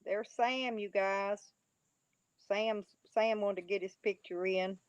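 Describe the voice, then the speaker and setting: A woman's voice: medium pitch, steady tone, slow pace, clean tone, no room sound. Mocking woman on a livestream. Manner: mocking, taunting, laughing often. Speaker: livestream host. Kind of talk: casual livestream chat, reading and answering chat. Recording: dry, dull lo-fi audio.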